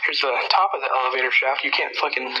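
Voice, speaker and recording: A man's voice: mid-range voice, fast talker, lo-fi sound, a crowd in the background. A man filming himself walking through an empty building, talking in a laid-back, mumbling way and swearing freely. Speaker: maintenance worker filming himself. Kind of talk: casual phone walk-through commentary. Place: empty abandoned building indoors. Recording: loud background noise on a phone video.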